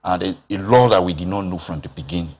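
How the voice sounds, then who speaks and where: A Nigerian man with a low voice explains his points on a television panel. He talks in a measured, explanatory way. He pauses on "um" and "uh" as he builds each thought. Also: a little mellow. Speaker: public health expert guest. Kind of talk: TV panel discussion.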